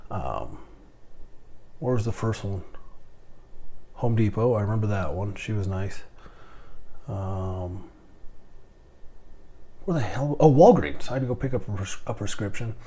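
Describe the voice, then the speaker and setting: A man's voice: on the low side, measured pace, long pauses, dark tone, breathy edge. A middle-aged man, a podcast host and airline captain, rambling and stammering through a casual monologue.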